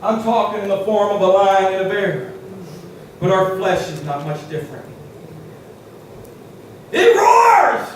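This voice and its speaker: A man preaching a sermon, shouting his points with many "uh" fillers and then dropping to quiet asides. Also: high voice, steady tone, normal speed. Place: church hall. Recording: echoey hall picked up from far off, faint hiss.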